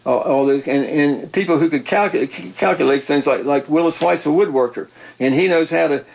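Gravelly older man, halting. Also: a little high, darkish tone, rough recording. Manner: halting, repeats words, folksy storyteller. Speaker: retired football coach. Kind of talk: casual interview chat.

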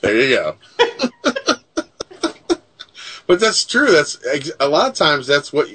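A man's voice: on the high side, wildly swooping pitch, slow, noisy background. A man hosting a casual chat who talks in a rambling way, restarting sentences and leaning on filler phrases. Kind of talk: casual conversation.

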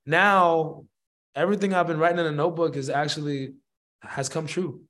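Slangy rambling man, fairly high voice. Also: normal speed. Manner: slangy, rambling, animated retelling. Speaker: musician guest. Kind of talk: casual storytelling.

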